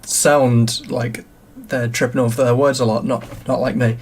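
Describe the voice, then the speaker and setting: Man, podcast co-host, opinionated, earnest, stumbles over words, mid pitch. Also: level tone, moderate pace, a little mellow, slightly rough. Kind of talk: casual chat.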